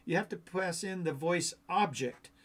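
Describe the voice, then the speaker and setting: A man's voice: high voice, unhurried, a bit bright. A man hosting a coding tutorial, talking through a screen-share walkthrough in a casual, rambling, thinking-aloud way.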